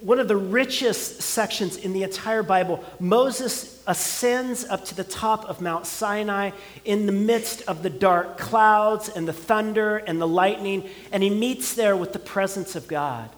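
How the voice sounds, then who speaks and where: A man's voice: sits high, measured pace, long reverb tail. A man preaching a sermon, building emphasis with repeated words and phrases. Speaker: pastor.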